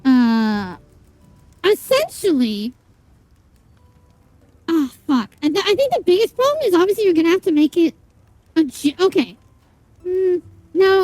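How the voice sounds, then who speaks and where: A woman's voice: very high-pitched, very animated, measured pace, long pauses, a little mellow, no echo, soft background music, rough recording. A young woman streaming a game, chatting casually with viewers in a rambling, sweary way full of fillers. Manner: rambling, swears a lot, many fillers and restarts, chats to viewers. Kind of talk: casual live-stream chat while gaming.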